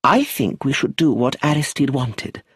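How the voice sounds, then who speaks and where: A man's voice: medium pitch, expressive, moderate pace, fairly bright tone, breathy edge, no room sound, clean studio sound, pitched above the performer's own voice. A man voicing a commanding elderly aunt with a firm voice, in an audiobook. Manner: powerful, firm.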